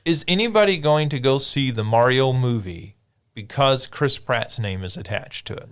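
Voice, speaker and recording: A man co-hosting a gaming podcast in casual chat, animated and rambling with many fillers. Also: mid-range voice, moderate pace, clear, resonant tone. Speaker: podcast co-host.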